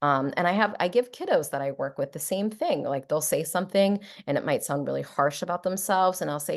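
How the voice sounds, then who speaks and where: A middle-aged woman with a low, gravelly voice gives a talk as a psychologist. She speaks in a playful, warm way and slips into brighter tones when she acts out example phrases. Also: lively intonation, fairly quick, few pauses. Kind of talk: presentation to an audience.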